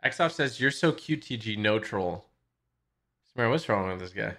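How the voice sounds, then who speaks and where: A man's voice: lowish voice, lively intonation, normal speed, bright, forceful tone. A man hosting a casual gaming livestream, joking around, scatting nonsense syllables and yelping when surprised. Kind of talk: casual gaming stream chat.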